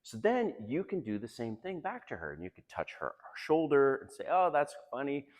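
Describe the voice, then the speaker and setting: A man's voice: medium pitch, huge pitch swings, brisk, darkish tone, in a large hall. A man giving casual dating advice in a chatty, confiding way, laughing often. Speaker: dating coach.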